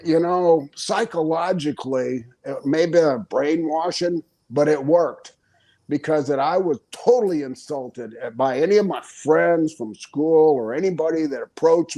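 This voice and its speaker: An older man tells stories as an interview guest, in a fairly high voice that stays lively. He chuckles often and briefly takes on the voices of the people he quotes. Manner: animated storyteller, chuckles often, acts out quotes. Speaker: interview guest, retired pro wrestler. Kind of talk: casual storytelling interview.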